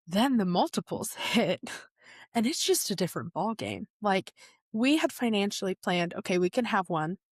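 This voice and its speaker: A young woman, a podcast guest, retelling a personal story in a lively way and laughing often. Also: medium pitch, dry recording, clean studio sound. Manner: animated retelling, laughs often, acts out quotes.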